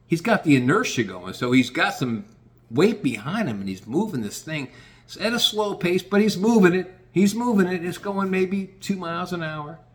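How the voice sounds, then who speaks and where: A middle-aged man spins a workplace yarn in a loose, swearing storyteller's voice that sits a little high for a man. His pitch swings widely as he acts out the people in the tale, with plenty of rough, conversational energy. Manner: profane and animated, acts out quoted dialogue. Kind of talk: casual personal storytelling.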